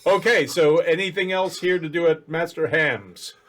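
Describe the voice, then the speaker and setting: Rambling male game master, slightly high voice. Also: normal speed, fairly bright tone. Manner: loose, rambling narration with many fillers. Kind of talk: narrating a tabletop game.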